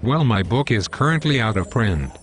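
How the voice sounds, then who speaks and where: A man's voice: medium pitch, big pitch swings, moderate pace, close to an everyday voice. A male computer voice playing a legal writing coach who corrects plainly and matter-of-factly.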